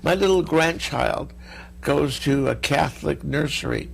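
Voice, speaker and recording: An older man with a gravelly voice, speaking slowly and haltingly as an interview guest. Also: a little high, slight background noise. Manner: slow, halting, apologetic. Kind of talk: recorded TV interview.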